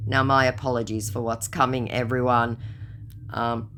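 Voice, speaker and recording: A woman's voice: a bass voice, normal speed, a bit bright, slight background noise. A woman casually narrating her chats with a scammer in a dry, sarcastic way. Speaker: scam baiter. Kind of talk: casual storytelling vlog.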